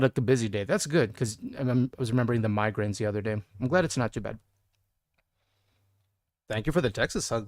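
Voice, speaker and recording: A man's voice: medium pitch, no room sound, clean studio sound. A man streaming live, chatting casually with viewers, goofing around and singing bits of songs. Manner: goofy, sings song snippets and jokes with chat.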